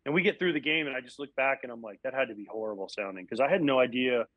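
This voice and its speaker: A man, a former baseball catcher and broadcast analyst, telling animated stories from his playing days in a casual interview, often acting out what people said. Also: medium pitch, rapid-fire, no echo, phone-quality sound. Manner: animated, acts out quotes.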